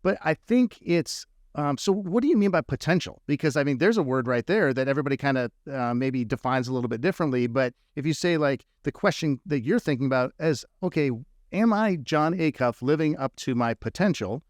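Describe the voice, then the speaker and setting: A man's voice: mid-range voice, brisk, few pauses, no echo, studio quality. A man hosting a podcast interview, asking long, searching questions with frequent restarts. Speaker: podcast host. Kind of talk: conversational interview.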